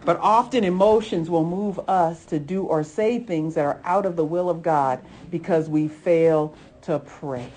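A woman preaching a sermon in a lively, chatty way, often laughing and calling her listeners folks and honey. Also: on the low side, measured pace, hardly any pauses.

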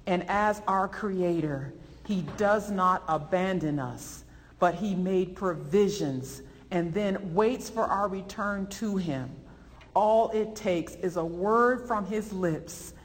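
A woman preaching a sermon and teaching a Bible lesson, animated and emphatic, her voice rising with feeling. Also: fairly low pitch, slow, in a large hall, slight background noise.

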